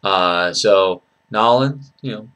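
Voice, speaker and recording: A man talking casually in a vlog, rambling and hesitant with many pauses. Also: lowish voice, fairly bright tone, clean tone, dull audio. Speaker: vlogger.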